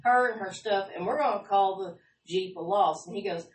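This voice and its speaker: A woman telling lively, laughing stories in a casual chat. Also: mid-range voice, normal speed. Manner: animated, laughing storyteller, drawling. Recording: echoey room, far from mic, faint noise.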